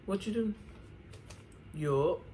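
A woman's voice: fairly low pitch, lively intonation, slow pace, warm tone, slight background noise. A young woman chatting casually while doing her makeup, slangy and singing snippets between remarks. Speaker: beauty vlogger. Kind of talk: casual get-ready-with-me chat.

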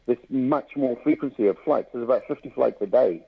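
A South African man, a comedian guest, chatting in a lively storytelling way in a radio studio. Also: medium pitch, vocal fry, a little hiss or hum. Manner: lively storyteller with quick bursts of mimicry. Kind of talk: casual interview chat. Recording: dull radio studio sound.

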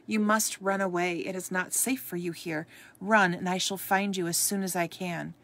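A woman's voice: lowish voice, normal speed, breathy edge. A woman voicing Kris Kringle as a dutiful, protective brother, speaking earnestly and formally in a storybook reading. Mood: urgent.

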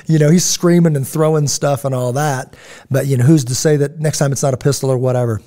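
A man's voice: mid-range voice, steady tone, brisk, warm tone. A middle-aged man hosting a podcast, telling stories in a casual, digressive way and acting out the people he quotes. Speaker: podcast host. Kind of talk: casual storytelling chat.

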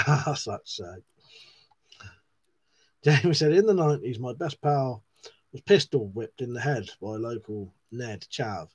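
A man's voice: medium pitch, slightly rough. A man hosting a live stream, reading viewers' comments aloud in a casual, chatty way, swearing often and laughing at himself.

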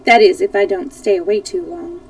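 A woman's voice: mid-range voice, very animated, normal speed, vocal fry, no echo, far from the mic, rough recording. A woman voicing a polite, curious little girl who speaks earnestly and with wonder.

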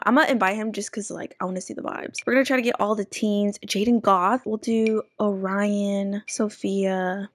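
A woman giving casual, chatty let's-play commentary, animated and gasping often. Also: mid-range voice, dry recording. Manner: chatty and animated, with frequent gasps. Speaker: gaming video creator.

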